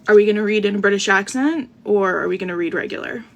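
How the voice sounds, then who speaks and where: A woman's voice: medium pitch, fast, vocal fry, highs cut off. A young woman hosting a casual livestream, chatty, bubbly and self-deprecating, talking into a phone with an earbud mic. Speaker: podcast host reading live.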